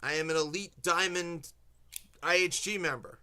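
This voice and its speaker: Male host, bright and a bit high, animated anecdote-teller. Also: moderate pace, clear, resonant tone. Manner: animated storyteller, quoting people. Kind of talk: casual chat.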